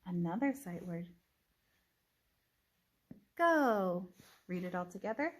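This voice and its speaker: Slow, deliberate phonics teacher woman. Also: on the low side, animated. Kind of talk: phonics reading lesson.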